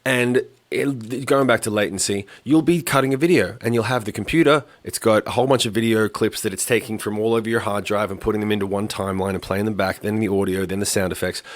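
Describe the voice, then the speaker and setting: A man's voice: on the low side, quick pace, few pauses, no echo. A man hosting a podcast, chatting casually and telling rambling, profane stories. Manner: rambling, profane, animated storytelling. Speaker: podcast host. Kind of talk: casual chat.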